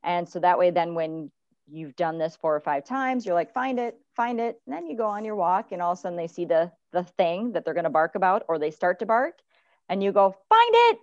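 A woman dog trainer giving advice in a podcast chat, animated, acting out what dogs might be thinking. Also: fairly quick, no room sound, dull audio. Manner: animated, acts out dogs' thoughts in high voices.

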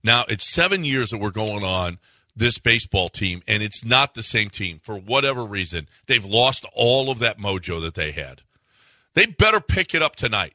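A man's voice: sharp tone, no echo. A man co-hosting a sports talk radio show, ranting in exasperation with his voice jumping up when he gets worked up. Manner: exasperated, rants with rising pitch.

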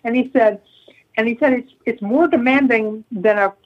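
A woman guest talks in a measured, reflective way, circling back on her words before settling them. Her voice sits slightly high and has a breathy, husky edge. The sound is dull and lo-fi, like a remote line. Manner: thoughtful, measured, repeats starts. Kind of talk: casual interview talk.

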